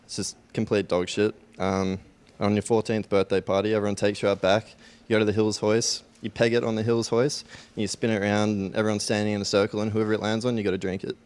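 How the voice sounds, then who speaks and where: A man's voice: on the low side, flat delivery, fast talker, a little mellow, clear, resonant tone. A man with an Australian accent, a player, explaining a custom with crude humour. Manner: crude, joking.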